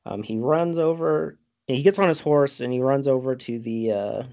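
A man's voice: mid-range voice, normal speed, a little mellow, lo-fi sound. A man hosting a podcast, casually recapping a movie in a rambling, profane way and laughing often, recorded over a video call. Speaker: podcast host.

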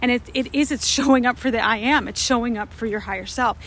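A woman co-hosts a spiritual discussion in an earnest, emphatic way, often repeating phrases to drive a point home. Her voice sits somewhat high. Faint background noise runs under the recording. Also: fast talker, a bit bright. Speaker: co-host.

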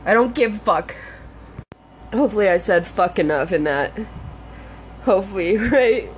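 A woman's voice: mid-range voice, lively intonation, normal speed, a little hiss or hum. A young woman hosting a podcast, venting in a rambling, profane way and sounding upset, close to tears at times. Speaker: podcast host. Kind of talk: casual venting monologue.

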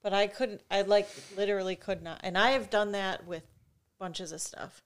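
A woman's voice: medium pitch, fairly even intonation, normal speed. A woman in casual chat, frankly telling a story about herself.

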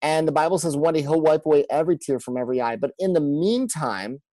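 A man's voice: on the high side, quick pace, dark tone, no echo, rough recording. Earnest male pastor, dry close sound. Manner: earnest, repeats words, acts out quoted speech. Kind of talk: conversational podcast talk.

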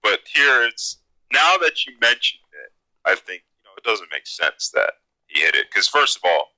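A man's voice: on the low side, normal speed, rough recording. A man co-hosting a casual podcast chat, joking dryly. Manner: dry, jokey, lively. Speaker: podcast co-host.

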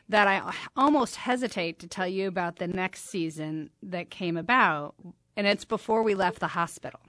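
A woman's voice: on the low side, no room sound, clean studio sound. A middle-aged woman hosting a talk show, telling a personal story and acting out the dialogue. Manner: animated, acts out quoted dialogue. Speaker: host.

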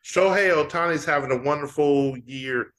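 Bright-voiced joking man in banter. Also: a little high, normal speed. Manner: playful, teasing, joking banter. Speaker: podcast co-host. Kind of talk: casual sports chat.

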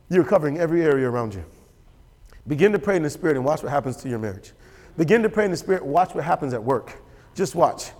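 Emphatic male preacher in a reverberant hall. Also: fairly high pitch. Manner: emphatic and repetitive, asks the audience for assent. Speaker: pastor. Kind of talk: sermon.

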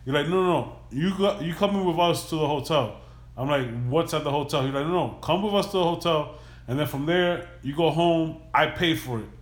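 Podcast host, male, loose profane storyteller with a slightly raised pitch, recorded in an echoey room. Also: brisk. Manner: loose, profane, animated retelling. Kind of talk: casual storytelling.

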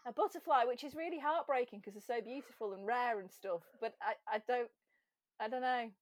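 A woman chatting as a podcast guest, self-mocking and quick to laugh. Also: on the high side, no echo, studio quality. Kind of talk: casual chat.

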